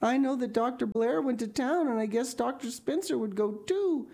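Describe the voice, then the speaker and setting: A woman's voice: a little high, expressive, creaky, mellow, pitched above the performer's own voice. A woman reading an audiobook, voicing a frightened young girl who pleads and sobs in a rush. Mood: sobbing. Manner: sobbing, pleading, rushed.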